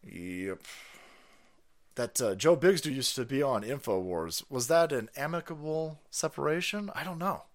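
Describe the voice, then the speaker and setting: A man hosts a loose, foul-mouthed livestream, laughing as he riffs on viewer comments. His pitch swings widely from low mutters to high yelps, and he rambles with lots of restarts. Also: expressive, measured pace. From South Carolina. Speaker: livestream host reading viewer messages. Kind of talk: casual livestream chat.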